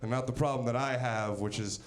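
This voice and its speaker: A man's voice: mid-range voice, steady tone, fairly quick. A man from Pennsylvania doing a stand-up comedy set with a punchy, wry storytelling delivery. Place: comedy stage.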